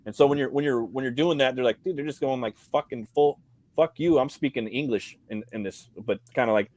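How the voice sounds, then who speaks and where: A man with a medium, slightly mellow voice speaks fairly quickly as co-host of a relaxed movie chat on a convention livestream. He wanders off topic, swears plenty, and repeats "you know what I mean," with the audio sounding dry.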